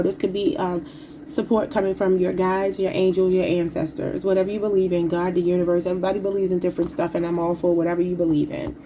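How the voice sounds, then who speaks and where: A woman with a medium-pitched voice gives a casual tarot reading over background noise. She chats informally with her viewers, calling them y'all, and sounds slightly sick and emotional.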